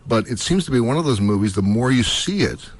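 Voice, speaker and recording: A middle-aged actor being interviewed on the radio, telling animated stories full of laughter and acted-out quotes. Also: male voice, mid-range voice, a little fast. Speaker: guest actor.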